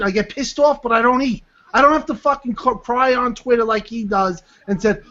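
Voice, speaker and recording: Blunt heated guy on a podcast, high bright voice, cursing a lot. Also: expressive, fairly quick, few pauses. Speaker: podcast co-host. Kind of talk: profane casual chat. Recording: dull lo-fi stream audio.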